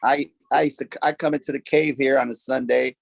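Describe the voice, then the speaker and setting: Gravelly man telling a joking story. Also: medium pitch, steady tone, brisk, crowd noise. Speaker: guest. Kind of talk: casual chat.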